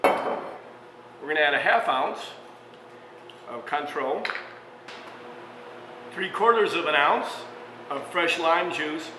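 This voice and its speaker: A man with a fairly high voice takes his time, leaving long pauses as he hosts a relaxed cooking show as a restaurant chef. He's a chatty storyteller who mixes anecdotes into the demonstration, using frequent fillers and chuckling mid-sentence. The sound carries long reverb from an echoey room, over a faint hum.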